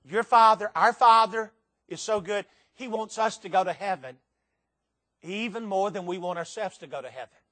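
Older male preacher, high-pitched, emphatic sermon delivery, live church audience. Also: normal speed, bright, forceful tone. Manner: emphatic, dramatic swings in pitch and volume.

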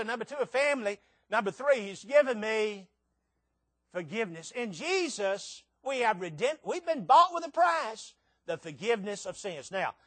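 Preacher guy in his 60s, high voice, goes loud then soft, dry sound. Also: no echo. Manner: dynamic preaching, swinging from loud to hushed. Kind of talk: sermon.

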